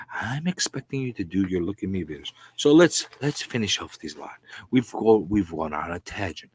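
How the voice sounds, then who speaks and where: Husky man ranting with lively pitch. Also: no room sound. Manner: animated, repetitive, comically exasperated ranting. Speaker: comic book vlogger. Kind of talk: ranting comic vlog.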